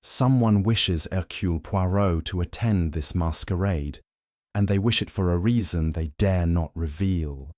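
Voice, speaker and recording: A man voicing a fastidious little detective with a French accent, speaking softly but with precise authority in a storybook reading. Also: sits low, no room sound, studio quality. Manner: soft but commanding, precise. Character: fastidious little male Belgian detective, commanding.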